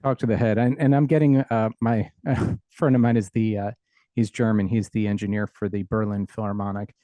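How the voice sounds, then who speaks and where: A man's voice: on the low side, fairly even intonation, moderate pace, dark tone, no room sound. A middle-aged man, an audio engineer and educator, explaining technical ideas plainly and with humor as an interview guest on a video call.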